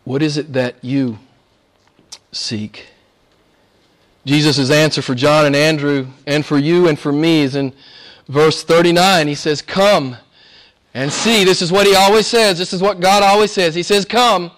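A man preaching a sermon, swinging from hushed, whispered lines to loud, high exclamations, with playful asides and frequent laughs. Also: fairly even intonation, a little slow.

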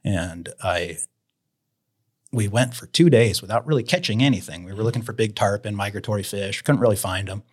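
A man's voice: lowish voice, fairly quick, slightly rough. A man from Idaho, a guest, telling fishing stories casually and acting out the voices of people in them. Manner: animated storyteller acting out quotes. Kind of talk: casual storytelling.

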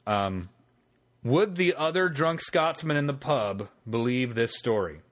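A man's voice: medium pitch, lively intonation, a little slow. Laid-back podcast host, a man. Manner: laid-back, swears casually, dry humor. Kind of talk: casual chat.

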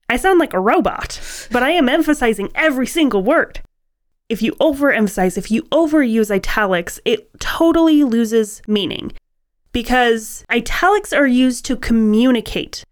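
Wry woman co-hosting a writing podcast. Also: fairly high pitch. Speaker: podcast co-host. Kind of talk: conversational writing-advice podcast.

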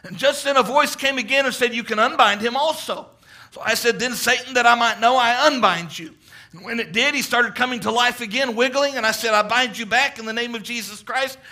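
A man preaches with fervor, his voice sitting unusually high and ringing bright. He retells a vision in long quoted passages, pushing his emphasis upward as the sermon builds. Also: brisk. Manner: fervent, quoting at length, rising emphasis.

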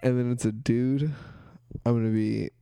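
A man's voice: mid-range voice, steady tone, normal speed, creaky, dark tone, smooth, dry recording. A man co-hosting a casual chat, rambling through stories with lots of laughter and swearing. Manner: laughs often, profane, rambling storytelling.

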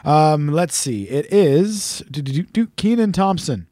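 A man co-hosting a podcast in casual chat, rambling and halting with many fillers and restarts. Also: on the high side, lively intonation, mellow, no echo, clean studio sound. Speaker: podcast co-host.

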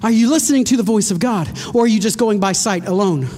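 A woman's voice: mid-range voice, fast talker, dark tone, slight background noise. A woman preaching a sermon to her congregation, retelling a story dramatically with rhetorical questions and direct address.

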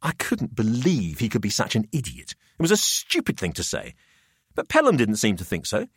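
A man's voice: on the low side, huge pitch swings, breathy edge, no echo, clean studio sound. A man reading a macabre story aloud as narrator. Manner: measured storytelling. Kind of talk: audiobook narration.

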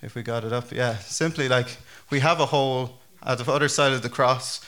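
A man preaching a casual, conversational sermon as pastor, chatty and animated with frequent fillers and restarts. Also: mid-range voice, moderate pace.

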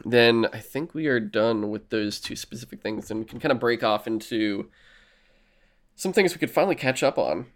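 A man's voice: medium pitch, normal speed. A man co-hosting a casual chat about TV shows, rambling and swearing, acting out his own reactions. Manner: rambling, profane, acts out reactions in quoted voices. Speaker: podcast co-host.

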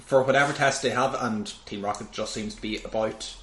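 Man, podcast co-host, halting casual chat, echoey room. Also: lowish voice, fairly bright tone, a little hiss or hum.

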